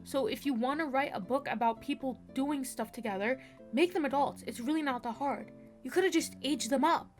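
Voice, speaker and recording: A woman's voice: sits high, fairly quick, faint music behind. A woman reviewing a book in a casual vlog, talking frankly with lots of fillers and sounding exasperated.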